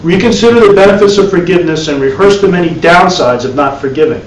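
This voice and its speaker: A man's voice: high voice, fast. A man teaching a live spiritual class, talking conversationally with repeated words and wry asides. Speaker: meditation teacher. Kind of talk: live dharma class talk. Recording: echoey room, distant mic, faint hiss.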